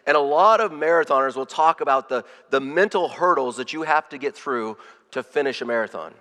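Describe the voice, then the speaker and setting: A man preaching a sermon, telling a personal story with animated swings from loud to hushed and frequent repeated words. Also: fairly high pitch, brisk. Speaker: pastor. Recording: long reverb of a large hall.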